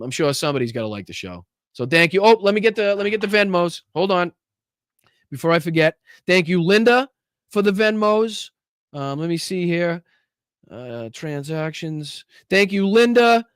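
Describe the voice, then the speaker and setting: A male political livestream host with a Boston accent, talking off the cuff, repeating himself and trailing into ums and uhs. His voice comes through smooth and clean, in a dry room with no echo. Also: a little high, a bit bright. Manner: heated, repetitive, many fillers and restarts. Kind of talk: casual livestream commentary and viewer shout-outs.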